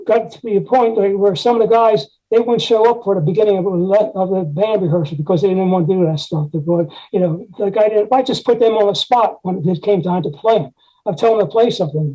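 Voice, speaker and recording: A man's voice: high voice, warm tone, breathy edge, poor audio. An older man, a retired music teacher, telling rambling anecdotes in an interview and scat-singing musical articulations. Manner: rambling anecdotes with frequent "you know" and scat-sung articulations. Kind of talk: conversational storytelling interview.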